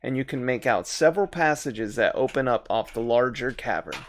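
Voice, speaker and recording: A man's voice: mid-range voice, animated, a little fast, slight background noise. A man narrating a tabletop game as its game master, describing scenes and laughing often between descriptions. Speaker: dungeon master. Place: live-stream home setup.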